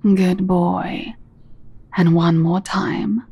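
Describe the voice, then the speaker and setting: A woman performing a scripted dominant audio role-play, speaking in a teasing, commanding way and often dropping into soft whispers. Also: on the low side, fairly even intonation, dry recording, highs cut off. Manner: teasing, commanding, slow and deliberate; soft-spoken, drops into breathy whispers.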